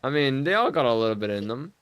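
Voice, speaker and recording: A man in casual gaming chat, deadpan and laid-back. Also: mid-range voice, fast talker, clear, resonant tone, no echo. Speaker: gaming co-player.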